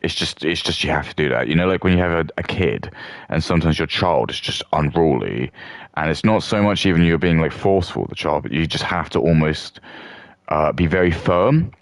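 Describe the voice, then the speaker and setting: Brief: man, extremely low, crackly voice, dry sound, crude rambling rant. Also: a little fast, no room sound. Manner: rambling, crude, with many restarts and fillers. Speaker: streamer. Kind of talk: mock rant commentary.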